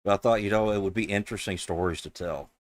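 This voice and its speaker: A man's voice: fairly low pitch, quick pace, no echo, studio quality. A man streamer in casual chat, telling stories in a rambling, amused way.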